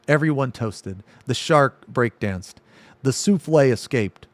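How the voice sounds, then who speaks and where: A man's voice: medium pitch, expressive, no room sound. A male streamer reading a silly story aloud, stopping to laugh and comment. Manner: reads haltingly, breaks off to laugh and comment.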